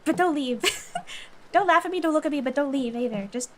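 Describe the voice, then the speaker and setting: A woman's voice: high-pitched, animated, moderate pace. A woman streamer chatting casually and reading aloud, often breaking off to giggle.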